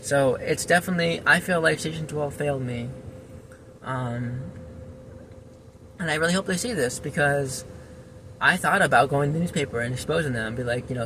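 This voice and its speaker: A frustrated man talks straight to the camera in a casual vlog, his voice a little higher than most men's. He rambles, restarts his sentences and returns to the same complaints. A faint vehicle hum sits under the recording. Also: moderate pace, pauses often, pushed and bright. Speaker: former volunteer firefighter and EMT. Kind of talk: casual personal vlog monologue.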